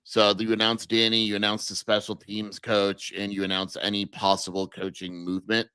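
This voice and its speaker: A man co-hosting a casual sports podcast, speaking in a measured, analytical way and thinking out loud. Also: lowish voice, completely flat delivery, clear, resonant tone, dry recording. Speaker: podcast co-host. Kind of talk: casual sports talk livestream.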